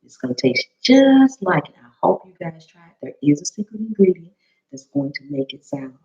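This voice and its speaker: Woman, live-stream cooking host, chatty and welcoming, slightly hoarse, muffled webcam audio. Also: moderate pace. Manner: chatty, greets viewers by name, bursts into high excited greetings. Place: home kitchen.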